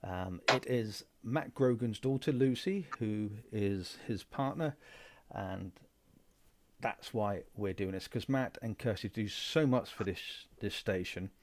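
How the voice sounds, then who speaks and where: Outspoken man, lowish voice. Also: slow pace, a little hiss or hum. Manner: chatty, outspoken, hesitant fillers. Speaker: station organiser. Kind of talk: casual fundraising appeal.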